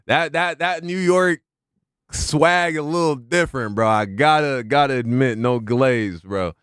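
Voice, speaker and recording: A man's voice: a little high, moderate pace, a bit bright, clear, resonant tone, dry recording, clean studio sound. A man streaming reactions, musing aloud in a laid-back way with plenty of slang. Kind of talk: casual reaction commentary.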